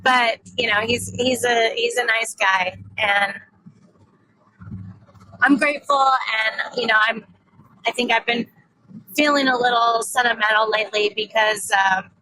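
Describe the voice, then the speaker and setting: Bright-voiced woman in her thirties, candid. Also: a little high, steady tone, unhurried, long pauses, slight background noise, rough recording. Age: 30s. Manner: candid, rambling, self-deprecating, swears freely. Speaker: vlogger. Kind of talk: casual personal vlog.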